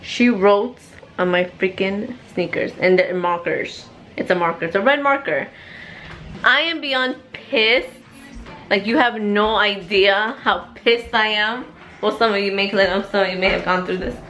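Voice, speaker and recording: A woman's voice: mid-range voice, moderate pace. Young woman, family vlogger, mid-range voice, casual chatter into a handheld camera, faint room hum. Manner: chatty and expressive, mixing in Spanish words. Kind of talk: casual vlog chat to camera. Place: at home, indoors.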